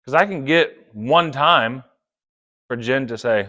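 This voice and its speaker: A man preaching a sermon, playful and chatty, acting out quick quoted asides. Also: medium pitch, bright, forceful tone. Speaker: pastor.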